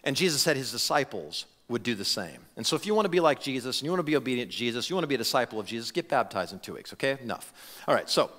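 A man preaching a conversational sermon as pastor, animated, with frequent restarts and repeated words. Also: medium pitch, racing. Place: church sanctuary. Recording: reverberant church hall.

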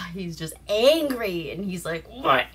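A woman's voice: fairly high pitch, bright, forceful tone. Laughing, cussing woman recapping a movie. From Alaska. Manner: laughing, profane, acts out characters' lines. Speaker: movie review host. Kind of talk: casual movie recap with swearing.

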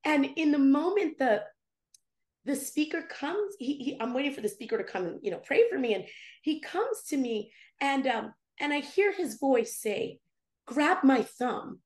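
A woman guest on a podcast interview, telling a personal story with animated, expressive delivery and acting out her own past dialogue. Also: high-pitched, normal speed, echoey room.

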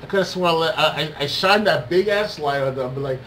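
A young man co-hosting a casual gaming podcast, talking excitedly and acting out reactions. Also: a little high, normal speed, low-quality recording. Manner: animated, excitable, acts out reactions. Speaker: podcast co-host. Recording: faint background noise.

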